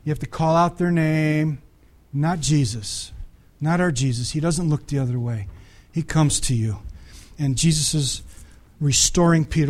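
Brief: male pastor, fairly high voice, chatty sermon delivery with questions to the congregation. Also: darkish tone. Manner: conversational, acts out the Bible voices, asks the audience questions.

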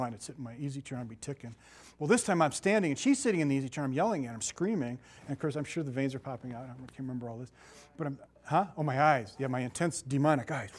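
A middle-aged man preaching a sermon in a conversational, animated way, with asides and laughter. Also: medium pitch.

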